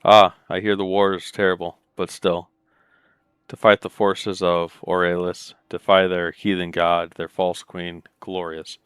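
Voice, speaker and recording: A man's voice: sits low, little pitch movement, unhurried, a bit bright, clear, resonant tone, no room sound, studio quality. A man voicing a kindly male priest with a soothing, musical, lilting way of speaking in a game.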